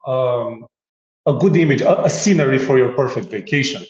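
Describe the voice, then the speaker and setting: A man walks through a software demo in easy conversation, joking and laughing as he goes. He stumbles and restarts often. The audio is roomy and slightly muffled. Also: medium pitch, lively intonation, moderate pace. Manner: playful, laughs often, many filler restarts. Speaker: guest demonstrating software. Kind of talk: casual tech demo chat.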